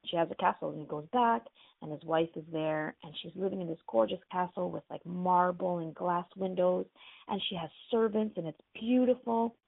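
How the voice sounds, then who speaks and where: A woman's voice: fairly low pitch, normal speed, gravelly, dry recording. A woman radio host casually retelling a fairy tale in a chatty way, full of "like" and "you know", over a tinny phone-like line.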